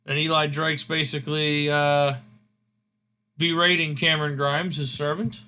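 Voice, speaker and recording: A man's voice: a little high, level tone, a little slow, sharp tone, clear, resonant tone. A man hosting a casual game recap, rambling with fillers as he scores each segment. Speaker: host.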